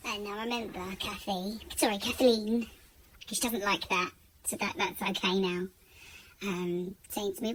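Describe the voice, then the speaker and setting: A woman telling a painful personal story in a vlog, halting and often repeating her words. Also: mid-range voice, steady tone, a bit bright, slight background noise. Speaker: vlogger.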